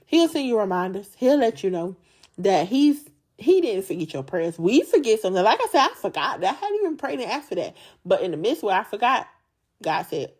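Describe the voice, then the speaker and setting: Lively, animated woman preaching casually. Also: medium pitch, brisk. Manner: animated, jokey and chatty, often laughing; uses slangy casual speech. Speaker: Bible study podcast host.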